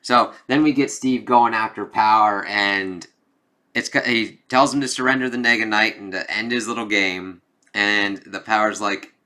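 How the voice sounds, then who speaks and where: A man reviews a comic book in a loose, relaxed way, swearing freely and reading the characters' dialogue aloud as he goes. His voice is bright and forceful, a bit low for a man, with fairly even intonation at a normal speed.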